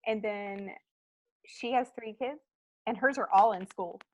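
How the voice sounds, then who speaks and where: A woman's voice: a little high, a little slow, a little mellow, dry recording, low-quality recording. A woman in her thirties, a guest in a casual interview, telling stories in a chatty way with lots of fillers. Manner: chatty storyteller, many fillers, acts out quotes. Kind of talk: casual chat.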